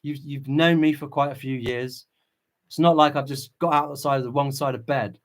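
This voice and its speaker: A man's voice: medium pitch, fairly even intonation, normal speed. A man hosting a livestream, reading viewer chat and preaching with impassioned fervor. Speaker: channel host.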